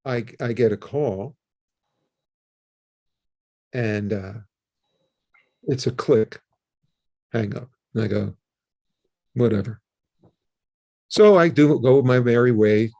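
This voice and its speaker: An older man, a guest in an interview, telling a story in a casual, animated way and acting out the phone calls in it. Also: mid-range voice, takes it slowly, long pauses, muffled recording. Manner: animated, acts out his own and others' phone calls.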